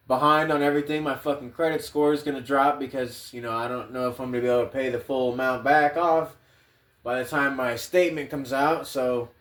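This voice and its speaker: Rambling, foul-mouthed podcast man. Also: fairly high pitch. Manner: rambling, heavy swearing. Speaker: podcast host. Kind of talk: casual podcast monologue.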